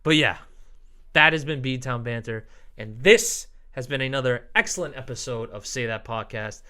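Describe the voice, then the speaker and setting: A man's voice: medium pitch, moderate pace. A man in his twenties from Boston, hosting a podcast and chatting casually with jokes, banter and swearing. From Boston, Massachusetts. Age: 20s. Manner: animated, swearing, jokey banter. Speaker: podcast host. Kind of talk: casual chat.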